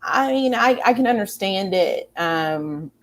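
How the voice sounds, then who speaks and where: A woman's voice: mid-range voice, lively intonation, a little slow. A woman hosting a casual pop culture chat, enthusiastic and rambling, with many fillers and restarts. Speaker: host.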